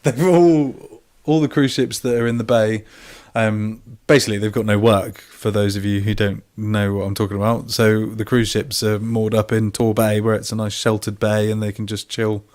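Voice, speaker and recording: A man with a fairly low voice co-hosts a casual online show over a video call. He teases his co-host, laughs easily and tells loose anecdotes. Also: fairly even intonation, moderate pace, hardly any pauses, darkish tone. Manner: laughs often, teasing, chatty storyteller. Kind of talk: casual chat.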